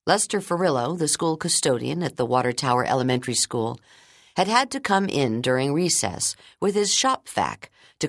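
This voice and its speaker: A woman narrating a children's storybook in an expressive, scripted reading style. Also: low-pitched, dry recording, clean studio sound. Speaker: audiobook narrator.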